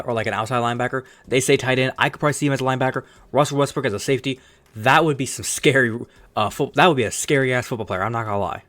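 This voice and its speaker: A man hosting a casual sports opinion video, arguing heatedly with plenty of profanity and quick self-corrections. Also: mid-range voice. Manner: rapid-fire, self-correcting delivery. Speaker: sports commentary host.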